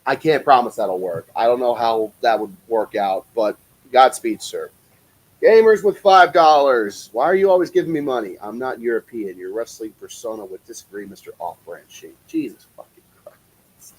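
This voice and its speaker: Male streamer from the Cincinnati area, mid-pitched, swears freely, and calls plays in a loose, chatty way. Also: lively intonation, normal speed, husky, low-quality recording. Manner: profane, chatty, reads viewer comments aloud. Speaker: live-stream play-by-play commentator. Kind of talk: casual live-stream commentary.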